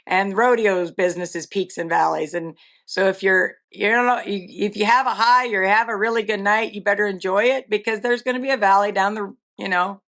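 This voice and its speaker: A woman's voice: medium pitch, fairly bright tone. Folksy woman chatting in an interview. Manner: casual, folksy, frequent fillers. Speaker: guest, rodeo stock contractor. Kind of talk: conversational interview.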